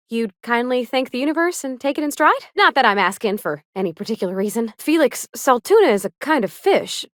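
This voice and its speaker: A woman's voice: fairly high pitch, dry recording, studio quality, lightly acted. An actress playing a sweet, earnest young woman ship engineer who talks in a folksy, homespun drawl, shy and kindly. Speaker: game companion character. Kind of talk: video game voice acting.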